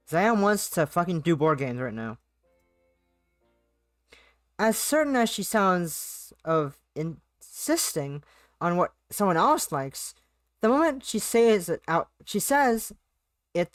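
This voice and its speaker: A woman's voice: lowish voice, very animated, slow pace, no echo, studio quality, faint music behind. Playful rambling woman streamer. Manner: playful and rambling, repeats herself, sing-song bits. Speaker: game streamer. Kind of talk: live stream, narrating a visual novel and chatting with chat.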